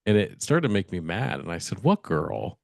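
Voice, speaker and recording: A man's voice: deep voice, lively intonation, a little fast, creaky, darkish tone, no room sound, studio quality. A man co-hosting a podcast, telling a spooky story in casual chat and acting out the dialogue with animation. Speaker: podcast co-host.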